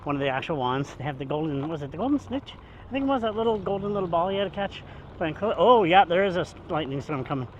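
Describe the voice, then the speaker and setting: A man with a fairly high voice talks into his phone as he walks along the street, rambling and cracking jokes. He sounds a little out of breath from the walk. A faint hum of traffic sits in the background. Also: animated, fast, dull audio. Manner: rambling, chatty, jokey. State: out of breath from walking. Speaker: vlogger. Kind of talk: casual walking vlog. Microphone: handheld phone camera.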